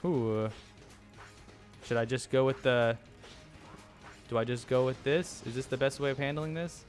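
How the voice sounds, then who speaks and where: A man's voice: medium pitch, fairly even intonation, a little slow, soft background music. Flustered rambling male gamer. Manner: rambling, frequent ums, flustered chatter with laughs. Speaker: gameplay commentator. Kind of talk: casual let's-play commentary.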